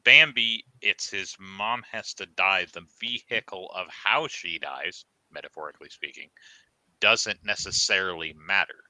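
Bright-voiced, sarcastic lower-pitched man. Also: measured pace, no room sound, low-quality recording. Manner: opinionated, sarcastic asides. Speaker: podcast co-host. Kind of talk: casual chat.

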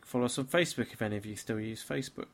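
A man's voice: lowish voice, racing, slight background noise. A tired, slightly tipsy man hosting a casual podcast, talking in a weary, grumbling, self-mocking way. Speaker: podcast host.

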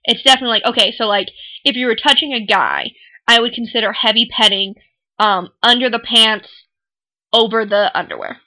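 A woman's voice: on the high side, brisk, pushed and bright. A young woman co-hosting a podcast in frank, jokey casual chat, laughing often. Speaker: podcast co-host. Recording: poor sound quality.

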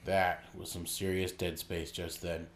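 A man's voice: low voice, level tone, measured pace. A man co-hosting a podcast in casual, joking chat, laughing often and talking animatedly. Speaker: podcast co-host.

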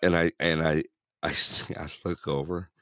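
A man co-hosting a radio talk show tells stories with lots of laughter, animated throughout this casual chat show banter. His voice is extremely low and his pace moderate, recorded with studio quality and no echo.

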